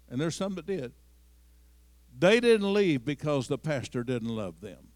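A man preaching from the pulpit, his voice sitting high for a man. He drifts between soft, conversational storytelling and loud, climbing declarations. The sound is dry and close. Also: big pitch swings, measured pace, no echo. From Missouri. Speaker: pastor. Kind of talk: sermon.

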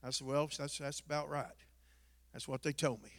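A man's voice: fairly high pitch, little pitch movement, moderate pace, fairly bright tone, long reverb tail. A man preaching, telling a folksy story that builds to an emphatic point. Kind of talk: sermon illustration, storytelling.

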